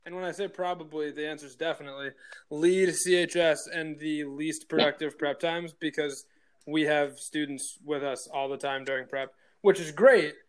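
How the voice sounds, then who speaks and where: A man's voice: a little high, steady tone, moderate pace. A man, a teacher, chatting casually on a school podcast and rambling as he corrects himself.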